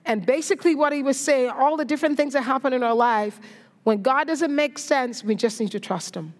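A woman's voice: high voice, fairly quick. A woman preacher giving a sermon, telling a story and encouraging her listeners in an earnest way. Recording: echoey hall reverb.

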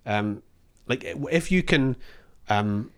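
A man's voice: on the low side, animated, takes it slowly, a bit bright, smooth. A man from Scotland, co-hosting a podcast in casual chat, rambling and self-deprecating, laughing often and swearing. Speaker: podcast co-host.

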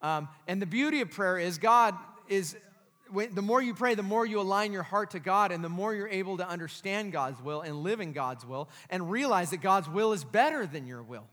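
Male pastor, high bright sermon delivery, emphatic, long hall reverb. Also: expressive, moderate pace. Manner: emphatic preaching, with tag questions to the congregation.

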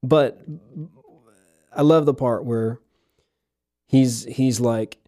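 Male podcast host, mellow tone, rambling casual talk, dry close sound. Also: mid-range voice, fairly even intonation, drawn-out words, no room sound. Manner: rambling, repeats words and restarts. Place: lives in Missouri.

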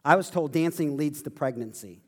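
A man preaching a sermon in a high, lively voice that swings up and down as he tells a story. He slips in self-deprecating jokes and keeps the storytelling animated. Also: a little fast. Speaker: pastor.

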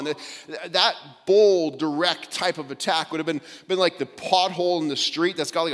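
Lively preacher guy, voice jumping all over, big echoey hall. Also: a little high, moderate pace. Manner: animated, emphatic, repeats words on restarts. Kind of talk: sermon.

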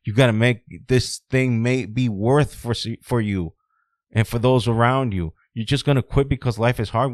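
A man hosting a solo podcast, ranting bluntly with heavy swearing, dropping low and quiet, then rising loud and high. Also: normal speed, no room sound. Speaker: podcast host.

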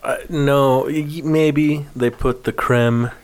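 A young man co-hosting a podcast, trading dry deadpan jokes with some swearing. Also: mid-range voice, slow, clear, resonant tone. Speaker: podcast co-host. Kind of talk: casual chat.

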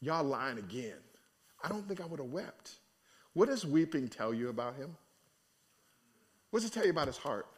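A man preaching a conversational sermon in an animated, colloquial way. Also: fairly high pitch, a little fast, long pauses.

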